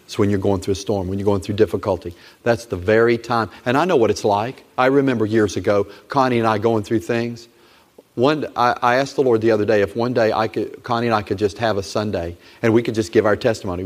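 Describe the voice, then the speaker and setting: A middle-aged man preaches as pastor, his lowish voice fairly even in intonation and a bit fast. He is emphatic and repetitive, urging his congregation on, and the sanctuary's long church-hall reverb surrounds the recording.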